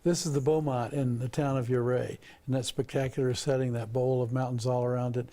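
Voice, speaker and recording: A man's voice: mid-range voice, flat delivery, brisk, warm tone. An older man, a history expert guest on a TV talk show, telling stories in a folksy, joking way.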